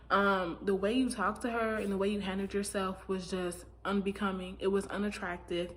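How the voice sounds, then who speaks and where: A woman giving a casual, opinionated recap of a reality dating show, often acting out what people said. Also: a bit bright. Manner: chatty, opinionated, acts out quotes with big pitch jumps. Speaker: recap commentator.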